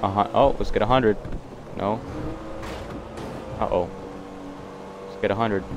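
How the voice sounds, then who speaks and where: A man's voice: on the low side, steady tone, a little slow, noisy background. Hyped young man streaming a game. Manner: playful, hyped, talks to chat and game characters. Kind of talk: casual live-stream chatter.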